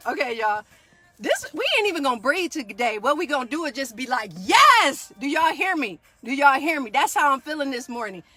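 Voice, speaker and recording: A woman's voice: sits high, expressive, fairly quick, bright, forceful tone, faint music behind. A woman in her forties, a yoga teacher, giving a fired-up motivational talk and keeping on asking her listeners if they hear her. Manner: fired-up, preachy, keeps asking "do y'all hear me".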